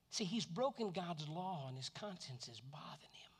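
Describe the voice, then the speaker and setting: A man from Florida preaching a sermon, animated, who often repeats words and acts out voices. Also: on the high side, moderate pace, slightly rough. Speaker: pastor. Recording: long reverb of a hall.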